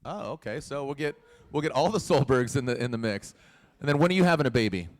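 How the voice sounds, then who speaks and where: A man with a mid-range, expressive voice and a quick pace hosts a live motorsport press conference. He jokes around and teases the young drivers playfully, laughing often.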